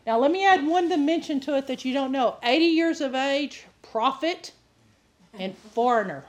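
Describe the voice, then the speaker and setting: A woman preacher giving a sermon full of animated stories, often laughing and acting out the voices of people she quotes. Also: sits high, moderate pace. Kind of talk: sermon with storytelling.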